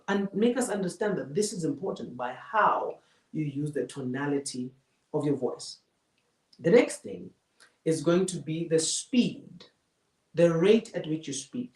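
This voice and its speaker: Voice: mid-range voice, darkish tone. Emphatic speaking coach in an echoey room. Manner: emphatic, repeats key phrases for effect. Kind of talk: live masterclass lecture. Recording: roomy echo, mic far from speaker.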